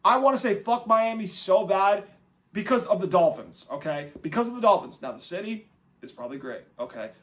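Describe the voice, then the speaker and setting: A man's voice: high-pitched, brisk. A man hosting a football podcast, ranting in a casual, mocking and profane way. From New England, United States. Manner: animated, mocking, profane rants. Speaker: podcast host. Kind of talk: casual sports commentary.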